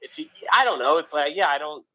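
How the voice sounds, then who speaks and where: A man with a faint East Coast accent rambles gloomily in a casual radio podcast chat. His voice sits a little high, and he keeps restarting his sentences, leaning on fillers like "like" and "you know.". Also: expressive, fast talker, pushed and bright, low-quality recording. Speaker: podcast co-host.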